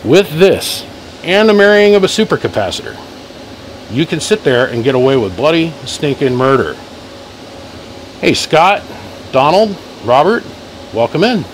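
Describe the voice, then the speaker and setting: A man talking loudly in his workshop, running a live-stream battery test, calling out "one, two" mic checks and greeting viewers by name. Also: a little high, sing-song, unhurried, pauses often, slight background noise, low-quality recording. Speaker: host testing a car-audio battery. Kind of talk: casual live-stream demo. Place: workshop garage. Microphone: phone mic for live feed plus chest mic.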